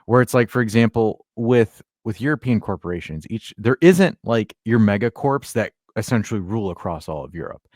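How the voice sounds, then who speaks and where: A man's voice: fairly low pitch, animated, brisk, few pauses, darkish tone, no room sound, studio quality. A man hosting a podcast, joking in casual chat and stumbling over his words. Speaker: podcast host.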